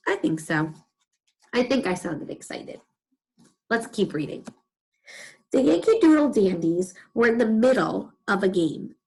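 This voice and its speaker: A middle-aged woman teaching young children to read, with a soft, breathy voice. She reads aloud with lively, expressive storytelling and speaks at a medium pitch. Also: low-quality recording.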